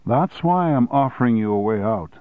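A man's voice: mid-range voice, lively intonation, normal speed, a little mellow, no room sound, pitched above the performer's own voice, close to an everyday voice. A man reading an audiobook and voicing a smug male union boss who speaks with sly, feigned innocence.

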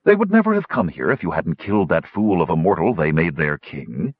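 Brief: vast old brass dragon, unhurried and aloof, husky low voice, read by a man. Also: big pitch swings, no echo, phone-quality sound, heavily acted. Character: ancient brass dragon, male, huge, calm and aloof. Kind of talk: audiobook character voice.

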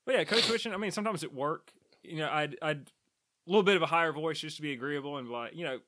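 A man from the American South with little trace of a drawl, talking in a dry, measured way in a casual podcast chat. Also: on the high side, background noise. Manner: speaks rapidly, measured and dry.

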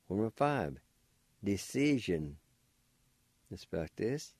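A slow, patient man teaching a radio language lesson. His voice sits a little low, and he spells each word out one syllable at a time. The sound is dry and close. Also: big pitch swings, a little mellow, no room sound.

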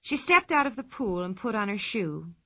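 A woman narrating a children's storybook with expressive telling. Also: mid-range voice, normal speed. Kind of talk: storybook reading.

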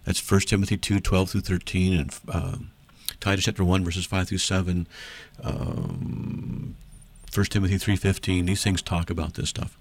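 A man's voice: sits low, animated, normal speed, vocal fry. A man hosting a Christian call-in radio show, talking emphatically and in a preachy way, his voice climbing sharply when he argues.

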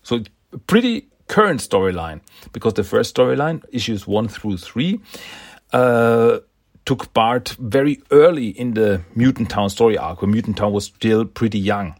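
A man's voice: on the low side, animated, moderate pace, no echo, clean studio sound. A man casually recapping a comic book issue, enthusiastic and rambling, often laughing and restarting words.

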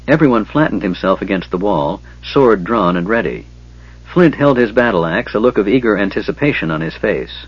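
Husky low-voiced male narrator. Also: normal speed, dry recording. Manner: steady, even storytelling. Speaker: audiobook narrator. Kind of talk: scripted narration. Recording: dull lo-fi recording.

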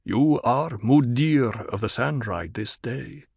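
A man voicing a stern male desert tribal leader in an audiobook reading, speaking in a formal, measured way. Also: mid-range voice, lively intonation, creaky, no echo, clean studio sound.

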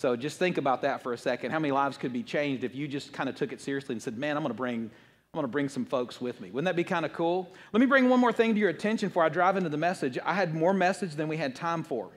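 A man's voice: on the high side, quick pace, hardly any pauses. A man preaching a Sunday sermon as pastor of his church, talking playfully and directly to the congregation. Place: church auditorium.

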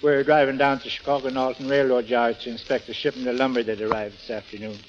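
An actor playing an earnest, self-important husband in a 1930s radio comedy, telling stories in flowery words. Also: male voice, mid-range voice, flat delivery, quick pace, slight background noise, lightly acted. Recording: dull old radio broadcast.

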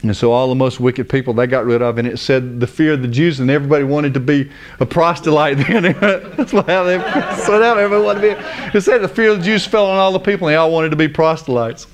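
A man delivering a sermon as a lively retold story, in a fairly high voice. He speaks colloquially, slips into the characters' voices, and breaks into laughter often. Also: fast talker, few pauses, a little hiss or hum.

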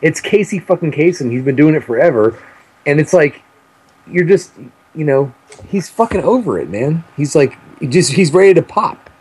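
Male comedy co-host; husky, lively, swearing and laughing. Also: on the high side, normal speed, poor audio. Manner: laughing, profane, animated. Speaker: podcast co-host. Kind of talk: casual comedic banter.

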